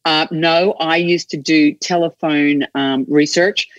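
A middle-aged Australian woman, an enthusiastic, animated storyteller chatting as an interview guest. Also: low-pitched, slow, no room sound, highs cut off. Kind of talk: casual chat.

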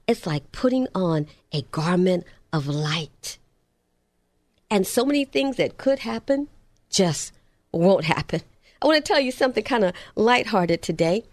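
A middle-aged woman preaching a sermon, emphatic, slowing and dropping low on key words and repeating lists. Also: dry recording, clean studio sound.

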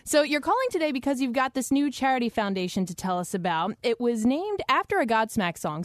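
A woman hosting a radio station interview, upbeat, reading smooth scripted introductions from a studio. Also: a little high, dry recording. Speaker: radio host.

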